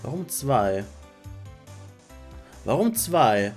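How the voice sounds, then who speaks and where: Streamer, wry gameplay commentary, laid-back, lively pitch, faint music behind. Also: very slow.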